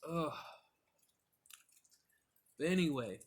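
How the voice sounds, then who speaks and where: A man's voice: on the high side, lively intonation, extremely slow. Rambling casual man telling stories. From Michigan. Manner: rambling, loose, full of "like" and "you know". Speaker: cigar reviewer. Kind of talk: casual storytelling vlog.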